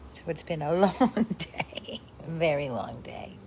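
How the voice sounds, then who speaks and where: Slow-talking woman from a dog rescue. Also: wildly swooping pitch, vocal fry, darkish tone, a little hiss or hum. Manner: chatty, switches to high baby talk with the dog. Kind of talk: casual adoption video, talking to a dog.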